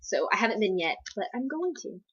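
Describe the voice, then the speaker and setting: A woman's voice: mid-range voice, big pitch swings, fairly quick, muffled recording, very noisy. A young woman from the US East Coast answering viewer questions in a casual Q&A vlog, rambling with lots of fillers and self-deprecating asides. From East Coast United States. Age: young adult.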